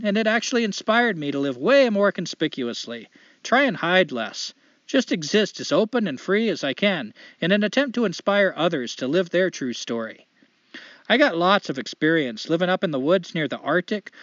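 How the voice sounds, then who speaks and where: A man's voice: high-pitched, a bit bright, no echo, muffled recording. A man doing a folksy Canadian drifter woman. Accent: light put-on Canadian. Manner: folksy, cheerful letter reading with tag questions. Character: adventurous female drifter writing in, folksy and upbeat.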